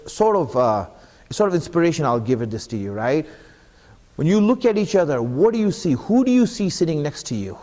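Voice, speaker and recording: A man's voice: fairly high pitch, mellow. A man giving an earnest sermon at a mosque, putting repeated questions to the congregation. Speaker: speaker at an Islamic center. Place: mosque hall. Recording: long hall reverb.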